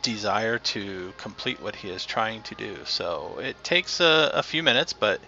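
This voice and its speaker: A man running a tabletop game as game master, describing scenes haltingly with fillers. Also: on the low side, expressive, sharp tone, lo-fi sound, a little hiss or hum.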